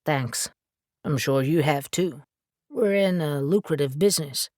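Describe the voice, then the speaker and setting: A woman voicing a gruff, blunt, sarcastic male dealer in magical objects who swears freely. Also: sits low, unhurried, darkish tone, no echo, clean studio sound, pitched below the performer's own voice.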